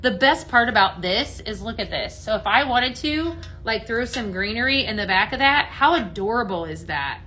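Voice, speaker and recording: A woman's voice: on the high side, lively intonation, moderate pace, hardly any pauses, sharp tone, a little hiss or hum. A woman from the American Midwest hosting a live product demo, chatty and enthusiastic, greeting viewers by name. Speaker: home fragrance consultant hosting a live sale.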